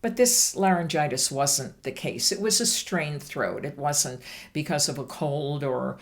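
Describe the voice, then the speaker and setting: Female minister, low-pitched and unhurried, earnest sermon delivery. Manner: slow, deliberate, earnest delivery. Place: church livestream.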